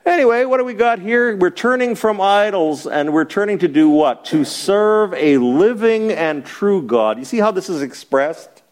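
A man's voice: sits high, expressive, normal speed. A middle-aged man as a pastor, teaching a Bible study in a conversational, joking way and asking the group questions.

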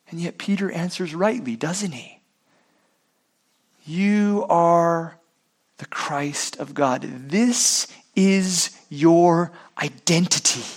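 A man's voice: high-pitched, a bit bright. A man preaching a sermon, asking rhetorical questions and using sports analogies. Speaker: pastor.

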